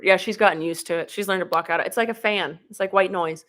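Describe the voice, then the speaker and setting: Young woman vlogger, casual live-stream chat, slightly sick with sniffles, quick to laugh. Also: on the low side, steady tone, fairly bright tone. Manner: chatty, laughs often, answers viewer questions. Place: home, at a laptop in the kitchen. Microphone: laptop or phone camera propped up.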